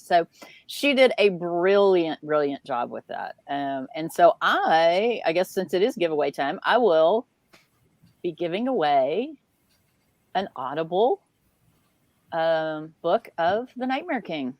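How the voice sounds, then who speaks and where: A woman's voice: on the low side, animated, takes it slowly, no echo. A middle-aged woman, a children's author, chatting casually on a video call from a small RV, with lots of fillers and laughs. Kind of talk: casual livestream chat. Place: small RV with pets.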